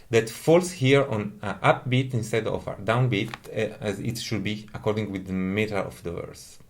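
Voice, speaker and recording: A man giving a careful, methodical lecture on music, explaining each point step by step. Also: mid-range voice.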